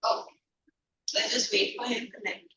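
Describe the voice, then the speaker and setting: A woman's voice: a little high, steady tone, moderate pace, bright, forceful tone. A woman with an Indian English accent teaching an online class, quizzing students and slipping into Hindi phrases. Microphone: video call. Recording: echoey, distant, noisy call audio.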